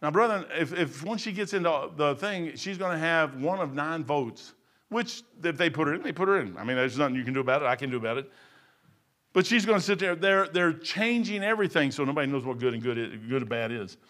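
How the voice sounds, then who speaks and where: A man's voice: fairly high pitch, lively intonation, fairly quick, a bit bright. A man preaching an informal sermon in an emphatic, conversational way, often repeating and restarting his words.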